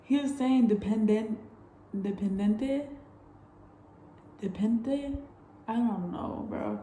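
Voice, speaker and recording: Young woman vlogger, dark roomy sound. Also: mid-range voice, a little hiss or hum. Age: young adult. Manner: candid, animated storytelling with frequent swearing and laughs. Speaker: travel vlogger. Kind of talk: casual storytelling vlog.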